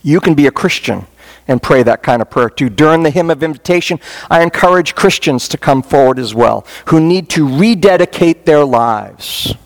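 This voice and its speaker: A man with a gravelly, creaky voice preaches as a pastor from a church, leading an altar call. He talks in an earnest, folksy way, with touches of humor. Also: fairly high pitch, lively intonation, moderate pace. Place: church sanctuary.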